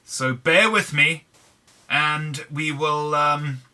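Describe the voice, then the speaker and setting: English guy chatting wryly over his minecraft game, very bright and a bit high. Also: fairly even intonation, very slow. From England. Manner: chatty, wry and self-deprecating. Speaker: gaming channel host. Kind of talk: casual Minecraft commentary.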